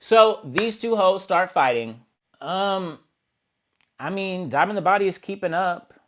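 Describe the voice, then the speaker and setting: A man's voice: sits high, expressive, unhurried, a bit bright. A man giving a casual, sassy review of a reality TV episode, blunt and profane, with dramatic reactions and calling people honey and child. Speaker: reality TV recap host.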